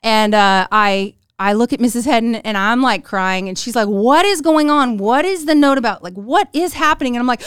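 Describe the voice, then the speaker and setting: A middle-aged woman hosting a podcast and telling a story, animated and giggly, acting out the lines she quotes. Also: fairly high pitch, normal speed, few pauses, clean tone, no echo, clean studio sound. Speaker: podcast host. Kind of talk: casual storytelling chat.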